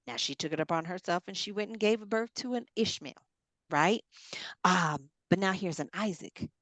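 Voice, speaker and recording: A woman's voice: on the low side, moderate pace, fairly bright tone, no room sound, close to an everyday voice. A woman voicing an earnest old male patriarch in a retold scripture story, speaking solemnly. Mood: pleading.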